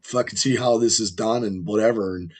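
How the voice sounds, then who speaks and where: A man with a rough, strained voice, hosting a podcast and telling long, rambling, profane stories in casual chat. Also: lowish voice, steady tone, brisk. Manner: rambling storyteller, heavy swearing. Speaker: podcast host.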